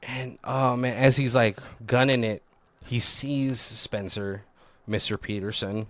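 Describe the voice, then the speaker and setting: Man, podcast host, casual movie recap, rambling, lots of swearing, mid-pitched voice. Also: steady tone, slow pace.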